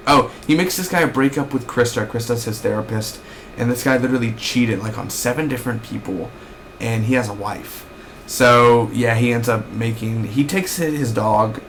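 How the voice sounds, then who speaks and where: A man's voice: mid-range voice, fairly bright tone, a little hiss or hum. A young man reviewing a TV episode in a casual recap, rambling and ranting with lots of fillers and restarts.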